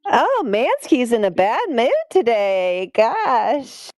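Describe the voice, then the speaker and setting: Lively giggly woman, dry sound. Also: fairly high pitch, slow, dry recording. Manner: giggly, playful. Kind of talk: casual chat.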